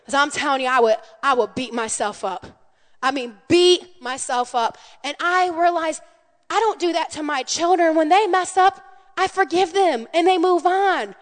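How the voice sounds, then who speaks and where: A woman's voice: high voice, moderate pace. A woman pastor preaching a conversational sermon, telling stories with animation and calling out to the congregation. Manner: animated storytelling, calls out to the congregation. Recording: long hall reverb.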